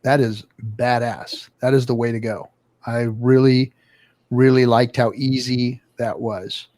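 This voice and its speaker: A middle-aged man and regular of the show, chatting casually and profanely on a livestream, telling animated stories. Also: medium pitch, measured pace, no echo.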